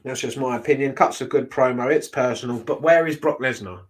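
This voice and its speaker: A man's voice: mid-range voice, brisk, hardly any pauses. A man, casually reacting to wrestling shows, blunt and ranting, swearing freely.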